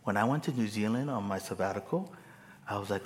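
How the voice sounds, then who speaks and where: A man's voice: fairly low pitch, brisk, long reverb tail, slight background noise. A man preaching a sermon, telling stories with humor and building to emphatic exhortation. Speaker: pastor.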